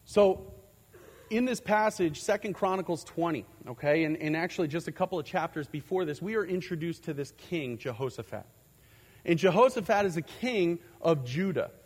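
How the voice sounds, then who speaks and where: A man's voice: a little high, a little mellow. A man preaching a sermon, earnest, with frequent fillers and restarts as he teaches his congregation. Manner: earnest, repeats words, many fillers and restarts. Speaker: pastor. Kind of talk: sermon on faith and anxiety. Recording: long hall reverb.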